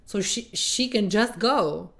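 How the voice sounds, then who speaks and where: A woman's voice: mid-range voice, lively intonation, slow pace, creaky, fairly bright tone. Woman, reaction video host; blunt and exasperated, sarcastic running commentary.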